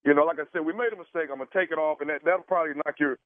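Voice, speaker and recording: A man making a prank phone call for a radio show, halting and stammering with many fillers. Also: on the high side, no room sound. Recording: dry tinny phone line.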